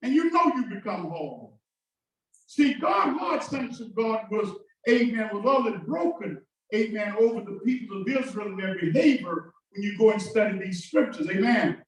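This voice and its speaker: In an echoing church sanctuary, a pastor preaches a sermon at normal speed in a high, animated male voice, impassioned and call-and-response in style, alternating shouted bursts with sudden drops. It's recorded from a distance, with lots of echo.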